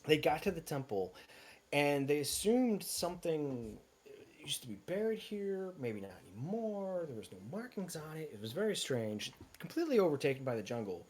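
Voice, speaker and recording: Rambling game master narrating, lively swooping pitch, faint background hiss. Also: moderate pace. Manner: rambling, with many fillers and asides.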